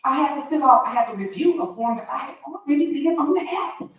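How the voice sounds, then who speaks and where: A woman's voice: high-pitched, lively intonation, fast talker, noisy background. A woman school board trustee speaking with emotion, direct and frustrated, at a board meeting. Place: large meeting room. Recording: echoey hall from far off.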